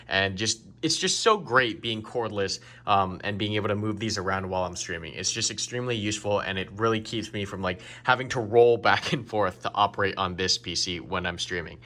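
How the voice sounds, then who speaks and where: Bright-voiced young man touring his gaming room. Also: mid-range voice. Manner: easygoing, grateful, loose with fillers. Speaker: gaming YouTuber and streamer. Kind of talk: casual setup tour. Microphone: studio condenser mic on an arm.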